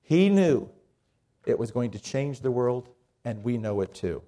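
A man preaching a sermon as pastor, talking in a conversational, lively storytelling way. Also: medium pitch, a little slow.

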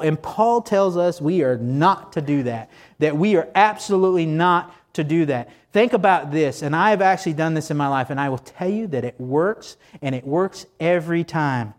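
A man's voice: a little high, normal speed, hardly any pauses. A pastor preaching a sermon to his congregation in a church, conversational and joking, asking many rhetorical questions.

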